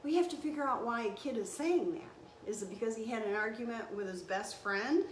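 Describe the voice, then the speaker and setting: A woman's voice: a little high, a little fast. Impassioned older woman in an echoey room. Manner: earnest, emotional, rising to indignant outbursts. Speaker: registered nurse. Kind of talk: impassioned monologue to camera. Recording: echoey room with faint background hum.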